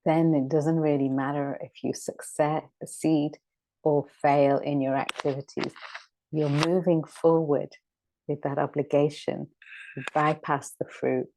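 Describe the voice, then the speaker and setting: A woman's voice: sits low, flat delivery, unhurried, mellow, dry recording, low-quality recording. A woman teaching a scripture discussion class, reflective and returning again and again to key words. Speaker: spiritual teacher.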